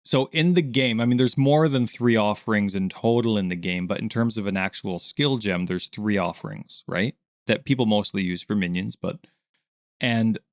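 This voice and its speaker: A man's voice: medium pitch, dry recording. Man, podcast co-host, chatty, rambling, laughs a lot, dry close mic. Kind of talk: casual gaming chat.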